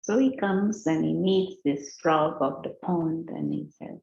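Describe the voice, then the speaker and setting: A woman meditation teacher speaks very slowly in a lowish voice, gentle and unhurried as she tells a story. Her voice is heard in a roomy, slightly dull recording. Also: gravelly. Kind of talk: guided meditation talk.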